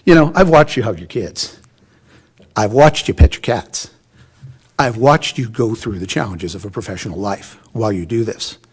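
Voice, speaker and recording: A man's voice: fairly low pitch, lively intonation, normal speed, breathy edge. A man giving an emotional, folksy and encouraging commencement speech in a large hall. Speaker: commencement speaker.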